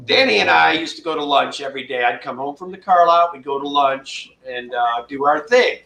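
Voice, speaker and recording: A man's voice: on the high side, brisk, gravelly, bright, forceful tone, roomy sound, rough recording. A man casually telling a funny story on a livestream, acting out the people he quotes. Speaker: guest storyteller.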